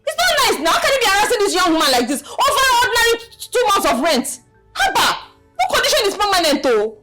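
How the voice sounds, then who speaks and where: An actress with a Nigerian accent playing an outspoken, quick-tempered young village woman who scolds emphatically. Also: very high-pitched, big pitch swings, music in the background. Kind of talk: Nollywood film acting.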